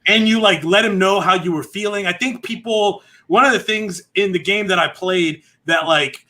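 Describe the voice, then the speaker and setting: A man's voice: high-pitched, moderate pace, sharp tone. A man who once played the game, talking as a podcast guest with playful, joking asides. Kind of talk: casual podcast chat.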